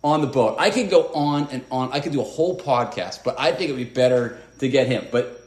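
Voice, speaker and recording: An American man, a fishing deckhand, telling a story in casual podcast talk, animated and swearing, full of fillers and restarts. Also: medium pitch, fairly quick. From United States. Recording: echoey room.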